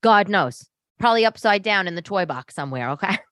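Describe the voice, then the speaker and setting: A woman hosting a casual solo podcast, animated and sarcastic as she rants. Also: mid-range voice, fairly quick, dry recording, clean studio sound. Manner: animated, ranting, sarcastic asides. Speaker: podcast host. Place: home living room.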